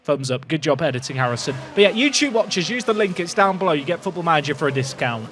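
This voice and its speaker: A young man streams a racing game, cracking jokes and yelling at the cars on screen. His voice sits high and swings widely in pitch, with faint game music underneath. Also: fast talker. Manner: excitable, jokey, shouting at the screen. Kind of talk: live gameplay commentary.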